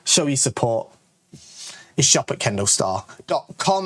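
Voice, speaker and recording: A man's voice: a little high, lively intonation, moderate pace, a bit bright. Chatty northern English man. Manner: chatty, jokey, self-promoting, lots of "all right?" asides. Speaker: kendo channel host and shop owner. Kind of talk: casual Q&A rant to camera.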